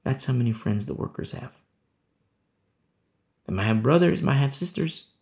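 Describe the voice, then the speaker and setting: A man preaching a sermon, firing rhetorical questions and swinging between loud, emphatic lines and hushed ones. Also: medium pitch, lively intonation, moderate pace, vocal fry.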